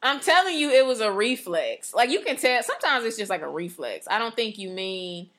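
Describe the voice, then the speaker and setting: A woman in casual, animated chat, trailing off and restarting as she talks. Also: on the high side, brisk, a little hiss or hum.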